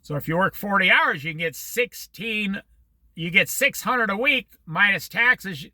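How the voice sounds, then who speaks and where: A man's voice: sits high, lively intonation, a little slow, bright, forceful tone, no echo. A middle-aged man in casual talk, rambling from story to story with religious asides. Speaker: vlogger.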